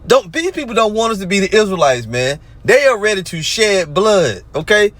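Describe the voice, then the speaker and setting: This man's voice sits high and sing-song, fairly bright, at a moderate pace with no echo. Commenting on a religious group in a loose monologue, he rants, mocks, and reads verses out between jabs.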